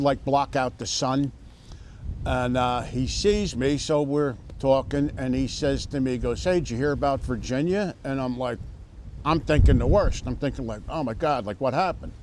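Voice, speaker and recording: A middle-aged man tells his story in a relaxed, slow interview voice at a mid pitch. He hesitates often, restarting sentences and filling pauses before he reaches the point. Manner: halting, many fillers and restarts, storytelling. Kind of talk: casual interview testimony.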